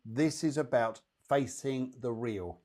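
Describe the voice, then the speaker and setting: A man's voice: medium pitch, takes it slowly, a little mellow. A man hosting a psychic show, giving chatty, reassuring mini readings straight to his viewers. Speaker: psychic medium host.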